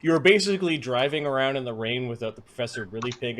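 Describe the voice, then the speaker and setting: A man narrating as game master of a tabletop game, relaxed and chuckling, with many fillers. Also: medium pitch, fast, slight background noise.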